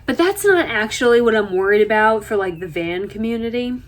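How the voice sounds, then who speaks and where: A woman vlogger from the United States talking in a chatty, self-deprecating way, telling stories with lively asides. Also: on the high side, a little fast. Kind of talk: casual chat. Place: RV interior.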